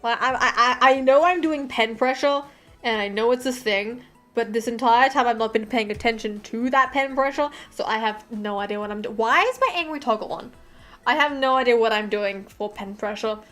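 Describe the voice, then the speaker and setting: A woman's voice: fairly high pitch, moderate pace, a bit bright, soft background music. A young Australian woman chatting casually on a live stream while she draws, swearing freely and muttering to herself.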